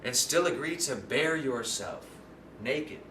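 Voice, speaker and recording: A man's voice: medium pitch, expressive, slow, pushed and bright. A man hosting his own channel, musing in a loose, rambling monologue and often asking if you follow him. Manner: rambling, keeps asking "you know what I'm saying?". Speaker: channel host. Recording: roomy, distant mic, faint background noise.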